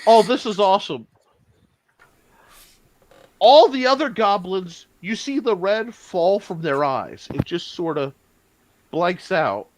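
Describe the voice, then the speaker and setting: A man running a tabletop game as game master, animated and laughing as he narrates. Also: high-pitched. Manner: animated, laughing, jumps between narration and quick voices.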